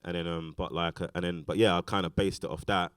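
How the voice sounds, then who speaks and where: A British man with a very low voice talks fast and loosely, filling his sentences with fillers and restarts. He is a guest in a casual onstage conversation, and the sound is close and dry. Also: little pitch movement, a bit bright, smooth, no echo. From Britain. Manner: rambling, lots of fillers and restarts. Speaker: actor, interview guest. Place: festival stage talk.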